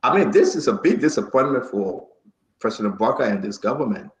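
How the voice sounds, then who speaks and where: A man's voice: medium pitch, animated, fairly quick, echoey room, poor audio. A man hosting a heated political talk show, passionate and raising his voice. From Liberia. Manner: passionate, raises voice, repeats himself.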